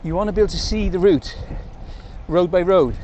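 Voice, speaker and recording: This cycling vlogger's voice sits high and mellow, and he talks fairly quickly. With an English accent, he chats and rambles to camera on country roads, adding jokey asides, over slight background noise.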